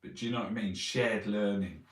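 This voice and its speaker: A man's voice: lowish voice, brisk, recorded from a distance. A man reading newspaper headlines aloud and ranting about them in a sweary, mocking way. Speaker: vlogger reviewing newspapers. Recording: roomy echo, voice set back from the mic.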